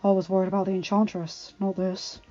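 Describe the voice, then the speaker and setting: A fierce, protective beast prince, as a woman reader puts him on, growling and snarling his lines loud in a storybook. The recording is a little dull, with soft music behind. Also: mid-range voice, little pitch movement, brisk, natural voice. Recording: slightly dull, faint background music.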